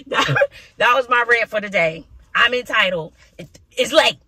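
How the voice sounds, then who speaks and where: A woman's voice: fairly high pitch, animated, unhurried, long pauses, pushed and bright, slight background noise. A woman teacher talking casually to the camera in a classroom, ranting expressively with frequent sighs and laughs. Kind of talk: casual vlog talk to camera.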